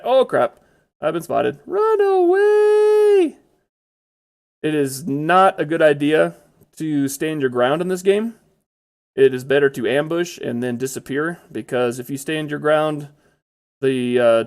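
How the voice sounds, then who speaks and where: A man's voice: fairly high pitch, creaky. A man giving casual, chatty commentary over his own gameplay, blurting out exclamations when startled.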